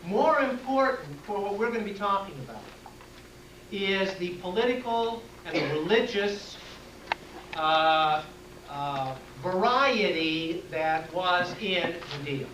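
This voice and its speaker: A man's voice: sits high, animated, slow pace. A man lectures to a class and answers its questions plainly and directly. He is taped from a distance in an echoey room, with a faint hiss behind him.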